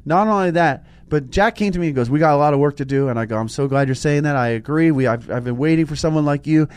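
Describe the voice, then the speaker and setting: Animated man telling faith stories. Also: on the high side, fast talker, smooth, dry recording. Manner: animated storytelling, frequent restarts. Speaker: co-host. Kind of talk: casual spiritual chat.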